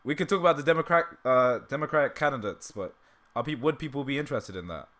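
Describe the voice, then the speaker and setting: Guy streaming, casual chat, laughs a lot, bright voice, throat kinda dry. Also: mid-range voice, quick pace. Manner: laughs often, self-deprecating. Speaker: livestream host.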